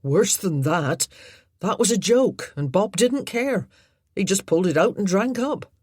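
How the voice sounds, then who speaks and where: A blunt young country lad, loyal and stubborn, with plain rough grammar and a lively, rising voice, played by a woman reading aloud. The sound is husky and close. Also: medium pitch, unhurried, no room sound, pitched above the performer's own voice. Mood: explaining.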